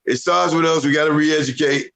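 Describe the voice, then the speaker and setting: Animated, lecturing male podcast co-host. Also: fairly high pitch, fairly quick, creaky, rough recording. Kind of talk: casual podcast chat.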